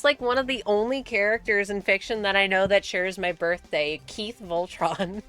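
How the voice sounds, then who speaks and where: A woman's voice: medium pitch, pushed and bright. A young American woman streaming a game, chatting casually with frequent swearing and laughter. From United States. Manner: chatty, swears often, laughs between remarks. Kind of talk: casual gaming commentary.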